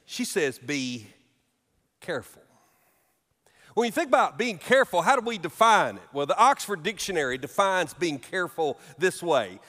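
A middle-aged man preaching a sermon as pastor, telling humorous stories with animated delivery in a church sanctuary. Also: fairly high pitch. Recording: long reverb of a large hall.

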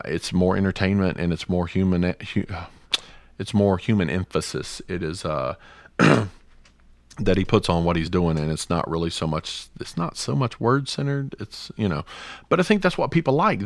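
A man's voice: sits low, no room sound. A middle-aged man co-hosting a podcast, talking passionately in a rambling way with many restarts. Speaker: podcast co-host. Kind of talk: casual podcast discussion.

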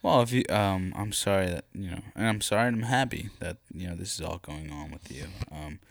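A man with a low voice runs a comic interview, fumbling through his questions with fussy exclamations. The sound is dry, with no room echo. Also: a little fast, vocal fry. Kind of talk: comedic interview.

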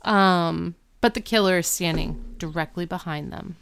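A woman's voice: fairly low pitch, normal speed, gravelly, fairly bright tone, slight background noise. A woman in casual chat, retelling a story with animation and acting out the characters' lines. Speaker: podcast co-host recapping an episode.

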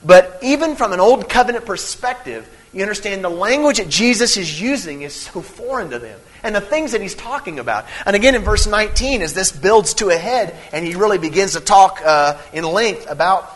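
A man preaches in a bright, forceful voice that sits a little high. He talks conversationally and often restarts his sentences. He shifts between emphatic teaching and quiet, low-key storytelling. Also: lively intonation, normal speed, hardly any pauses, low-quality recording. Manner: earnest, conversational preaching with many restarts and fillers. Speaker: pastor. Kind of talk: evening sermon with personal stories.

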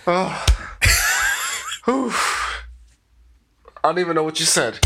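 A man narrating his moves as a player in a casual tabletop role-play, halting and searching for words. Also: sits high, huge pitch swings, noisy background.

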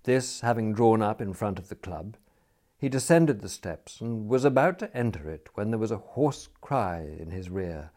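A man reading a story aloud in a measured, expressive way. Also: on the low side. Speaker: narrator. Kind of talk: audiobook reading.

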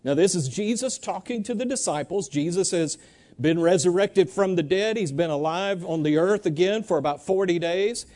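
Male preacher, high mellow voice, lively sermon with call-and-response. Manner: animated, drawls Bible verses slowly.

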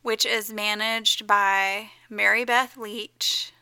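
Gravelly, bright-voiced chatty woman. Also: medium pitch, little pitch movement, no echo. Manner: chatty, enthusiastic, quick to laugh. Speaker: podcast co-host. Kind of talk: casual chat.

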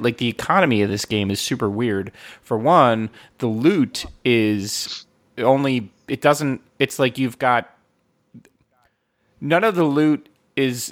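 A man hosting a podcast in casual chat, rambling and profane, with quick asides. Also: medium pitch.

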